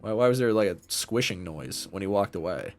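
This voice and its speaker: A man's voice: low-pitched, animated, brisk, a little mellow. Rambling young man telling a story. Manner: rambling storyteller, swears freely, many fillers. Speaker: podcast co-host. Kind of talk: casual chat.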